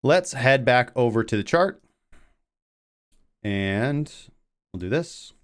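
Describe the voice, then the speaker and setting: A man's voice: mid-range voice, expressive, slow pace, clean tone. A man hosting a crypto trading show, talking casually through charts with plenty of fillers. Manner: rambling, filler-heavy talk. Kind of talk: casual market commentary.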